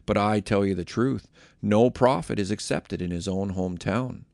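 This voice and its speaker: A man voicing a calm, authoritative male teacher, speaking measured and low in a Bible reading. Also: gravelly, dry recording, clean studio sound.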